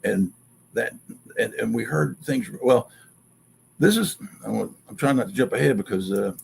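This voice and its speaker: Gravelly guy telling a wild story, same middle pitch, some hiss behind. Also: normal speed. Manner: animated, acts out quotes and sounds. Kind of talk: excited storytelling.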